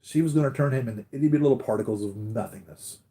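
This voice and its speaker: A man's voice: medium pitch, rapid-fire, dark tone. A man hosting a live stream about his collectibles, chatting casually in a rambling, enthusiastic fan manner with lots of fillers. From United States. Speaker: collectibles vlogger.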